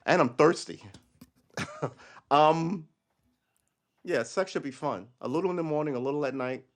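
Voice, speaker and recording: A middle-aged man, a retired cop now hosting a casual livestream, speaks in a voice on the high side at a moderate pace. He's blunt and profane, laughs often, and keeps restarting his sentences.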